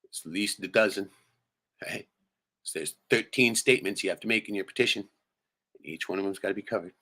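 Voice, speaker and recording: A man's voice: lowish voice, fairly quick, pushed and bright. A man hosting a livestream, venting in a profane, rambling, heated way and tossing in "right?" constantly. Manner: peppers speech with "right?". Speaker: livestream host. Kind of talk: casual livestream rant.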